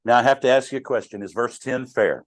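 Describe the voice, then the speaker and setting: A man's voice: mid-range voice, fast talker, no echo. A middle-aged man teaching a Bible class in a conversational way, asking the class questions and joking with them. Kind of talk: interactive Bible study teaching.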